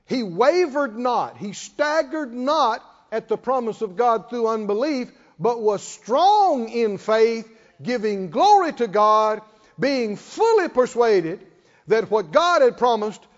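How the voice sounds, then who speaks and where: A man preaching a fervent sermon, moving from hushed tones to shouted repetition as the congregation answers. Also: very high-pitched, sing-song, slow. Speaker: pastor. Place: church hall with congregation responding. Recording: dull hall reverb, lo-fi.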